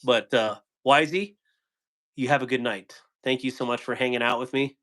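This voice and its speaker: A man's voice: medium pitch, flat delivery, brisk, fairly bright tone. Playful man chatting on a live stream. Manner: playful, laughs often, trips over words. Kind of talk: casual live-stream chat reading comments.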